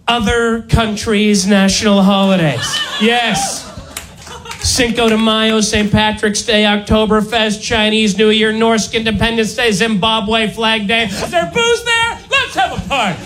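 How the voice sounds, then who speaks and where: High-voiced guy ranting through a stand-up set, noisy live recording, crowd laughs behind. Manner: loud, ranting, swings from low mutters to high shouts. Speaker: stand-up comedian. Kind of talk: stand-up routine.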